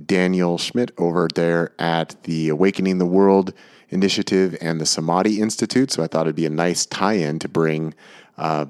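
A man in his forties hosting a podcast in a chatty, easygoing way. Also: low-pitched. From United States. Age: 40s. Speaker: podcast host. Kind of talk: casual podcast talk.

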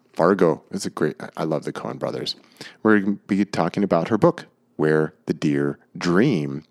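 A man in his forties hosting a podcast in a chatty, easygoing way. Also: low-pitched. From United States. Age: 40s. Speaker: podcast host. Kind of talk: casual podcast talk.

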